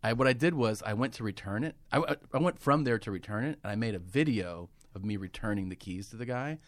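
A man telling stories as a comedian guest on a studio podcast, animated and full of filler words. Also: on the low side, fast talker, dry recording. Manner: animated storyteller, many filler "like"s. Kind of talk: casual podcast chat.

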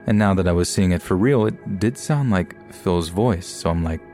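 Deep-voiced man narrating horror stories. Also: moderate pace, gravelly, hardly any pauses, dark tone. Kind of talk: scripted horror story narration. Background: faint background music.

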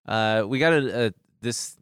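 A man's voice: mid-range voice, unhurried, fairly bright tone, smooth, no room sound, studio quality. A young man co-hosting a podcast in casual chat, with wry asides, sometimes reading posts aloud. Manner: chatty, reads tweets aloud, wry asides. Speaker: podcast co-host.

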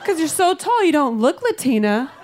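A woman's voice: sits high, big pitch swings, normal speed. A woman doing stand-up comedy on stage with a handheld mic, delivering a brash, profane, punchy set. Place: comedy stage before a live audience. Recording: live room with loud crowd noise.

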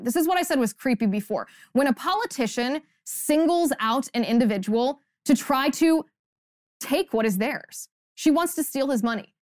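A woman's voice: high voice, no room sound, studio quality. A woman hosting a podcast, delivering an emphatic, indignant and sarcastic political commentary monologue. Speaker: podcast host.

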